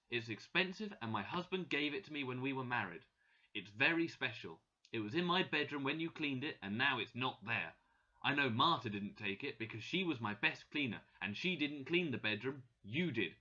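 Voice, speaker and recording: A man voicing a wealthy older woman employer who shouts accusations, in a dull lo-fi recording. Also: medium pitch, expressive, a little fast. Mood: angry accusing.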